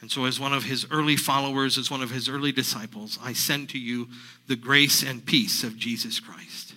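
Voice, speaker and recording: A man in character as a grieving woman disciple, telling her story in a halting sermon monologue that stumbles and repeats. The voice is mid-pitched and strikingly bright and tense, full of restarts. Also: fairly even intonation, rough recording. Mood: earnest. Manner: halting, repeats himself, emotional retelling. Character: grieving woman disciple recounting the empty tomb. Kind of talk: first-person dramatic monologue sermon.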